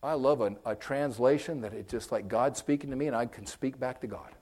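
A man preaching a conversational sermon, folksy and direct with his listeners, swinging from loud emphasis to hushed, whispered moments. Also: mid-range voice, fairly quick. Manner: folksy, direct, addresses listeners with okay and amen.

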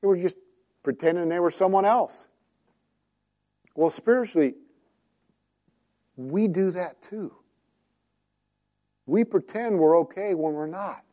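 Mellow-voiced male preacher telling stories. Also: high-pitched, takes it slowly, pauses often. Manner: conversational storytelling with direct questions to listeners. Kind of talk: sermon.

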